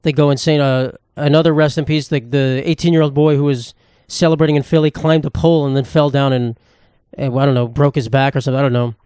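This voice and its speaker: A man's voice: medium pitch, little pitch movement, quick pace, few pauses, a little mellow, clear, resonant tone, no echo, studio quality. A young man hosting a solo comedy podcast, rambling and sarcastic, swearing freely. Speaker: podcast host.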